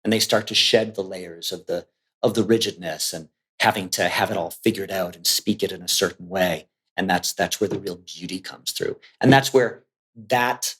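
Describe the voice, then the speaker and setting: A man as a podcast guest, talking casually and acting out his clients' voices as he speaks. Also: lowish voice. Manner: animated, acts out clients' voices. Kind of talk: casual conversation.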